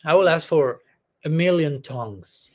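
A male spiritual teacher giving a devotional discourse in an earnest, halting way, often laughing between thoughts. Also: fairly high pitch, lively intonation, darkish tone.

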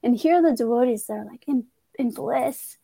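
A woman's voice: fairly high pitch, normal speed, creaky, warm tone, breathy edge, no echo. A woman who works as a transformative coach, earnestly telling a personal story in a conversational way, often restarting her sentences.

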